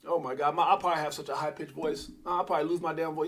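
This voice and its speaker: A middle-aged man hosting a casual crypto livestream, rambling and breaking into loud excited bursts. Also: a little high, racing.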